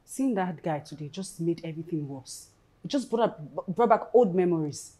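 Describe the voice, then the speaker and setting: An actress playing a bitter young woman venting scornfully about her ex, with a Nigerian accent and a husky voice. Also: fairly low pitch, expressive, moderate pace, warm tone.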